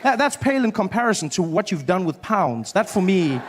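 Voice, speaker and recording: A man doing a stand-up set, animated and slipping into put-on voices for the people in his stories. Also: high voice, brisk, noisy background. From South Africa. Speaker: stand-up comedian.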